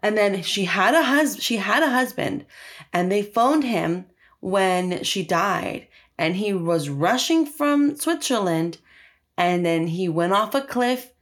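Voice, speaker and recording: A woman co-hosting a podcast, retelling a film's plot in casual chat, animated and swearing freely. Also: medium pitch, slow pace. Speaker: podcast co-host recapping a film.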